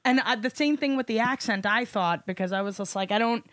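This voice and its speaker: A woman's voice: on the high side, brisk, dry recording. Woman, New York accent, blunt, profane, chatty, dry close sound. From New York City. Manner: blunt, profane, animated storytelling. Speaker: guest comedian. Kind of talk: casual podcast chat.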